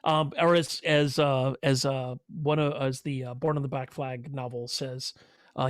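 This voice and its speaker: A man's voice: medium pitch, level tone, unhurried, no echo, clean studio sound. A man narrating a tabletop role-playing game as game master, telling the scene in a rambling way with many fillers. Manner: rambling, filler-heavy storytelling.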